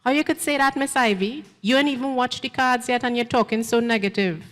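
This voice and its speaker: Pleading, stammering Trinidadian housemaid, voice pushed higher, echoing hall, read by a woman. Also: fairly quick, a bit bright, close to an everyday voice. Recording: long hall reverb.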